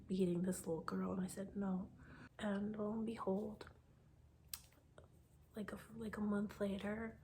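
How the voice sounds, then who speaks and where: Soft half-whispering woman telling her testimony. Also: medium pitch, slight background noise. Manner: soft, often half-whispered, halting with many fillers. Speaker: vlogger sharing a faith testimony. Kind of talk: personal testimony storytelling.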